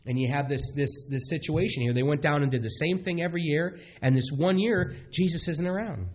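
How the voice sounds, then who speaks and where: A man preaching a sermon in a halting way, with frequent restarts and fillers, on a dull lo-fi recording. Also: a little high. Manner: halting, many restarts, acts out quotes.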